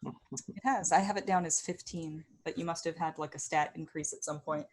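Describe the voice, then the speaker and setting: Brief: low-pitched woman game master, relaxed narration with filler words. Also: normal speed, a little hiss or hum. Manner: relaxed, with frequent ums.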